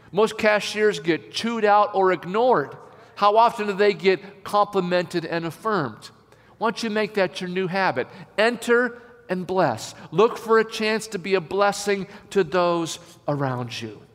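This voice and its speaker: A man preaching a sermon as a pastor, emphatic and slowing down to stress key phrases. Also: high-pitched, fairly bright tone. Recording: long hall reverb.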